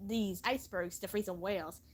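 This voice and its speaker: A woman's voice: medium pitch, fairly quick, breathy edge, natural voice. A woman voicing a meek, dopey male cucumber boat captain who speaks hesitantly. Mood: sheepish.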